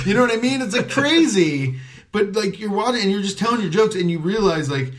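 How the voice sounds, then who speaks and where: A man's voice: sits high, expressive, fairly quick. A comedian telling a story in casual chat. He acts out the voices of people he quotes and swears freely.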